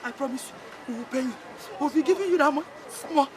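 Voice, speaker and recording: A woman's voice: high voice, quick pace, close to an everyday voice. An actress playing a desperate woman who begs a creditor for mercy. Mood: begging. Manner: begging, pleading. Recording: loud crowd behind.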